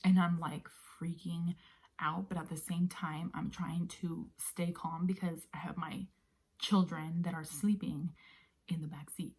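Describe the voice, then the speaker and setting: A woman vlogger casually telling a personal story, often sinking into a breathy near-whisper, with many fillers. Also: fairly low pitch, a little mellow. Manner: conversational with many fillers like "you know".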